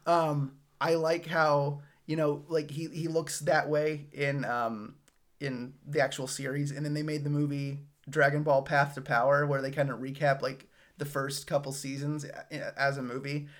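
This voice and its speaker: A man's voice: fairly high pitch, level tone, moderate pace, a bit bright. Laughing man in casual chat. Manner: laughs often, many fillers and restarts. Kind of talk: casual chat about anime.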